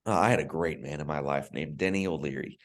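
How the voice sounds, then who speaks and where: A podcast guest tells a personal story earnestly and emotionally, often restarting and repeating words as he begins. His voice rumbles low, and he talks fast.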